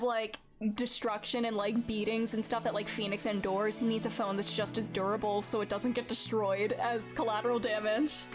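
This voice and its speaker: A woman's voice: fairly high pitch, steady tone, fairly quick. Rambling, joking woman streamer. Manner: rambling and joking, with frequent laughs and fillers. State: tired, strained voice. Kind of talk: casual gameplay commentary. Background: game music.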